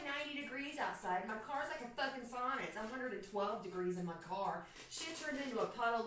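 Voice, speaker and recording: A woman in her thirties from Florida casually tells a profane, joking story to her stream chat. Her voice is mid-range with a fairly bright tone, recorded far from the mic in an echoey room.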